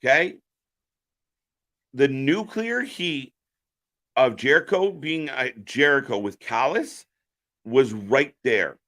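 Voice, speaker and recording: A man's voice: medium pitch, animated, takes it slowly, long pauses, a bit bright. A man hosting a live reaction stream, giving opinionated, profane commentary.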